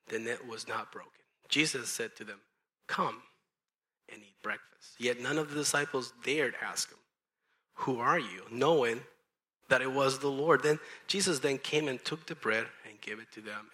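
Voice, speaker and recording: Bright-voiced male pastor preaching casually. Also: mid-range voice. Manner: conversational, playful, acts out quotes. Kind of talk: sermon.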